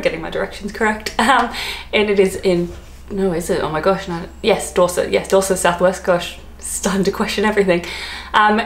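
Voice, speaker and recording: A woman with an Australian accent chatting to camera as a travel vlogger, giggly and full of "like" fillers. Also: medium pitch. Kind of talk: casual chat to camera. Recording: roomy echo.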